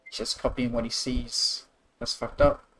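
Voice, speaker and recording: Sweary, sarcastic streamer. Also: male voice, medium pitch, little pitch movement, measured pace, rough recording. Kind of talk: live game commentary and reading. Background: game music.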